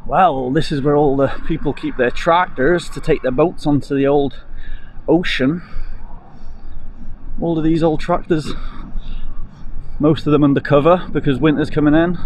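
Welsh travel vlogger, upbeat, a little high, wind noise on the mic outdoors. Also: male voice, steady tone, normal speed, pauses often, a little mellow. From Wales. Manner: chatty, upbeat, talks straight to viewers as folks. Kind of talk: casual walking vlog. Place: windy seaside village outdoors. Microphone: small clip-on mic.

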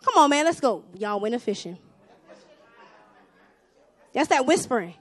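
A young woman preaching a sermon with a Southern US accent, swinging between hushed asides and loud exhortation. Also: high-pitched, sing-song, unhurried, some chatter behind.

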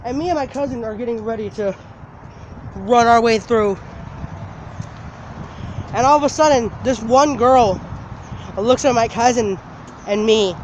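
A man casually telling a story for his vlog outdoors, animated and laughing, swearing now and then. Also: extremely high pitch, measured pace, pauses often, dull audio. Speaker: vlogger. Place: outdoors, walking in the open. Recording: outdoor noise from traffic.

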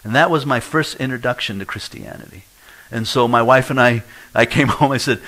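A man's voice: mid-range voice, normal speed, pushed and bright, rough recording. A middle-aged pastor preaching a sermon in a church, telling his own story and acting out the voices of people he quotes. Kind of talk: sermon with personal testimony.

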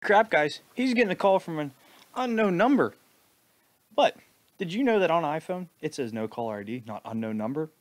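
A man giving mocking, deadpan sarcastic commentary over a video. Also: a little high, moderate pace, no room sound. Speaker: video reactor.

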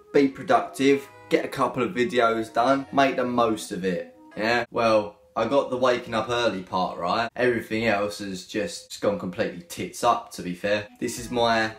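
A man's voice: mid-range voice, a bit bright. A young man, joking and bantering as he reacts to hate comments in a casual comedy vlog. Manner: cheeky, joking, slangy banter. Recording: echoey room with faint music.

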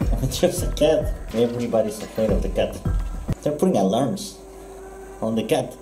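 A man with a Spanish accent giving casual, excitable gameplay commentary, laughing often and jumping high in pitch when alarmed. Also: normal speed. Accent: Spanish-accented English. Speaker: gameplay streamer. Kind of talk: casual let's-play commentary. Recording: roomy echo with game music behind.

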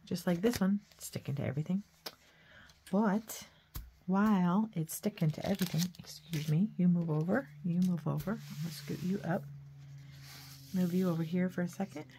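A woman's voice: on the low side, normal speed, warm tone, slight background noise. A woman hosting a craft video, chatting casually while she works, humming nonsense sounds and using folksy sayings. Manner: chatty, talks to herself while working, hums and sings nonsense sounds. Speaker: craft channel host. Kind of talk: casual craft tutorial chat.

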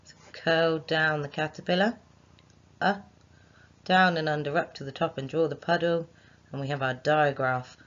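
A woman's voice: low-pitched, steady tone, a little slow, muffled recording. A woman, a primary school teacher giving a recorded phonics lesson to young children, sounding out letters and chanting rhymes for writing them.

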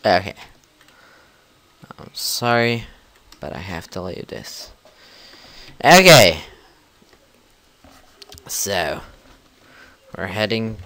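A young man with a deep, unhurried voice that has a bright, forceful edge, talking through his game as a channel host. His commentary is loose and rambling, full of ums and restarts, with sudden loud yells at the screen. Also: creaky. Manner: rambling, filler-heavy, bursts into loud yells. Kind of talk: casual let's-play commentary.

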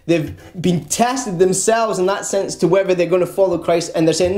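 A preacher delivers an earnest evangelical sermon, often repeating a word before pressing on. The voice has a mellow, darker tone at a middling pitch. The sound is roomy, with the echo of a church around it. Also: moderate pace, hardly any pauses. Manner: earnest, repeats words when stressing a point.

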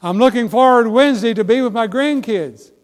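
In a church sanctuary, an older pastor preaches in a folksy, storytelling style that builds toward fervent exhortation. His voice sits high for a man and moves fairly quickly, with a long reverb lingering through the room.

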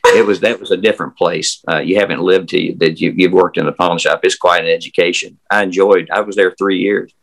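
An older man with a Southern US accent talks with a deep, low voice. He rambles along in a folksy way, full of fillers and restarts, as he tells stories from his working years over a video call. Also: fairly even intonation, brisk, few pauses, low-quality recording. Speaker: interview guest, former historic house guide. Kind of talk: casual storytelling interview. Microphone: remote video call.

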